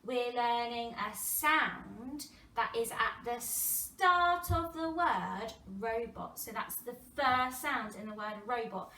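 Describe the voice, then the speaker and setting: Sounding out words slowly and with plenty of expression, an English-accented primary school teacher with a slightly high voice gives young children a phonics lesson. Gasps, whispers and exaggerated, animated delivery mark her style, picked up by a roomy, distant mic with faint noise behind.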